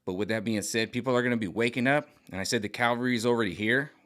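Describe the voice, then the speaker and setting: A man's voice: mid-range voice, quick pace, a bit bright. A middle-aged man talking in a rambling, agitated vlog monologue, repeating himself and restarting often. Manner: mimics other voices sarcastically. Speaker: vlogger.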